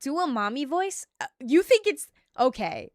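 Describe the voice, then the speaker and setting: A woman's voice: high-pitched, big pitch swings, normal speed, dry recording, clean studio sound. A woman streaming as a VTuber and chatting casually with her viewers, giggly and playfully bossy.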